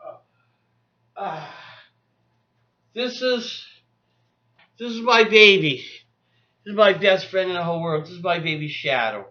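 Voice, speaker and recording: A man's casual vlog talk, rambling and repetitive, with a bright, forceful edge to his voice. The sound is dull and lo-fi like a phone camera recording. He circles back over the same point again and again. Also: high voice, lively intonation, measured pace, long pauses. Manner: rambling, repeats himself, coos at his cat. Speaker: vlogger.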